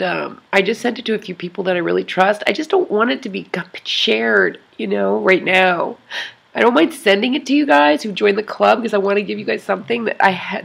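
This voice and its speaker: A woman talking to her online club in an emotional confessional vlog, tearful and crying, rambling and halting with many sighs. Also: medium pitch, vocal fry, fairly bright tone, husky.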